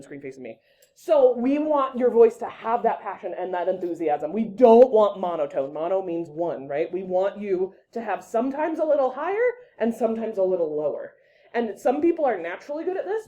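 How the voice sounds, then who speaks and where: A woman teaching a public speaking class in a lively, chatty way, often breaking off to direct her students. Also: mid-range voice. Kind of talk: casual classroom lesson.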